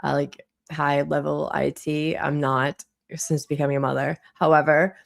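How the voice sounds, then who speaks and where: Boston lady on a livestream, low gravelly voice, chatty, reads the chat and trips over her words. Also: level tone, moderate pace. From Boston area, US. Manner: chatty, reads chat aloud, frequent restarts. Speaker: livestream host. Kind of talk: casual live chat with viewers.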